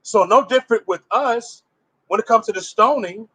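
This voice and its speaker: A high-pitched, husky man with a sharp tone talks at a moderate pace on a rough recording. He gives an informal religious teaching, emphatic and conversational, pressing listeners with rhetorical questions in loose phrasing full of restarts.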